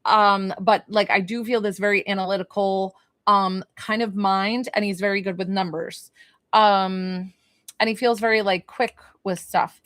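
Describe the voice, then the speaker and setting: A young woman gives a psychic reading in a loose, searching way, full of "um" and "like" and questions to the sitter. Her voice sits at an ordinary pitch. The sound is dry and close, with no room echo. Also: fairly even intonation, measured pace, a bit bright. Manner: chatty, hesitant, many fillers and questions. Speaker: psychic medium giving a reading. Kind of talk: live-streamed spiritual reading.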